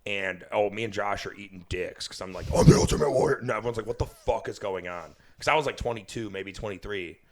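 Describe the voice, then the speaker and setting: A man, a comedian guest on a podcast, telling stories in a loose, profane, laughing way, high at the time. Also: a little fast, hardly any pauses. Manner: profane, laughing, animated storyteller. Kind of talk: casual podcast storytelling.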